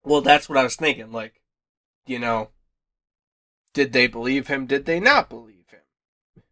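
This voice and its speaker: A young man co-hosting a podcast, with a bright, forceful voice. He is excitable and jokey, jumping in with his own theories and playful digs. His pitch sits in the middle range. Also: a little slow. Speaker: podcast co-host. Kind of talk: casual recap chat.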